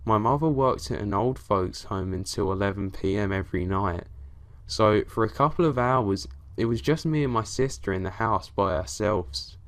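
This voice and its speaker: A man's voice: on the low side, normal speed. A man reading true scary stories aloud as a narrator, with dramatic delivery that rises in tense moments.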